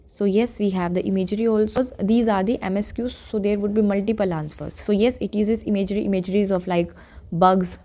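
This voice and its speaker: A woman with an Indian English accent and a mellow, mid-range voice gives an exam-prep lecture. She explains step by step, checking in with "okay" and "right".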